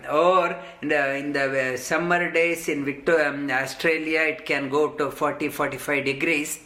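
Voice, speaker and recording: A man giving a slow, halting scripture discourse as a spiritual teacher, full of ums and restarts. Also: a little high, bright, forceful tone. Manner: halting, many ums, slow deliberate explanation.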